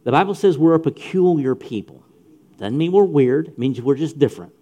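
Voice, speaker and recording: A man's voice: fairly high pitch, animated, brisk, mellow. A middle-aged man preaching a sermon to young people, emphatic, repeating phrases and speaking straight to his listeners. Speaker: pastor. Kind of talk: sermon to youth.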